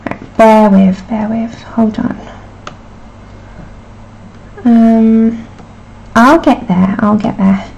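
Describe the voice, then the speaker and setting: A woman's voice: on the high side, steady tone, drawn-out words, vocal fry, pauses often, darkish tone, slight background noise. A woman hosting a casual live stream, chatty and apologetic while she fixes her sound. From United Kingdom. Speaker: livestream host.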